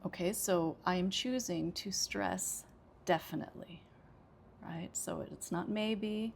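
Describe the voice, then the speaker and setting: A woman's voice: lowish voice, fairly even intonation, measured pace, gravelly, darkish tone, slight background noise. An American woman teaching an English pronunciation lesson, explaining patiently with frequent "okay" and small hesitations. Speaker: ESL teacher.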